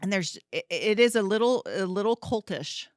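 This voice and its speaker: A woman's voice: mid-range voice, lively intonation, fairly quick, no room sound, studio quality. A woman hosting a gardening podcast, speaking hesitantly, hedging and restarting her sentences. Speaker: podcast host. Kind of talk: casual podcast chat.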